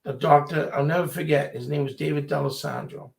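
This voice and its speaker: A storyteller with a creaky, somewhat high male voice talks fairly quickly in a casual chat. He's animated, acting out the voices of the people in his stories.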